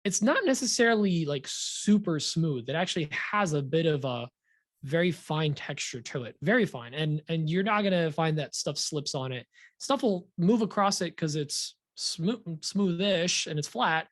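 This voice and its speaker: A man co-hosting a podcast in casual chat, rambling and relaxed, with lots of fillers. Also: on the high side, normal speed, no echo, clean studio sound. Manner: relaxed, rambling, laughs easily. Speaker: podcast co-host.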